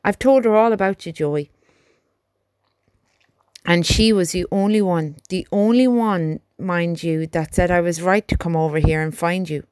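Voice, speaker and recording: A woman voicing a gentle young male soldier who talks softly and reassuringly to his horse, in an audiobook. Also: lowish voice, measured pace, no echo, natural voice. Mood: fond. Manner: soft, chatty, reassuring talk to a horse.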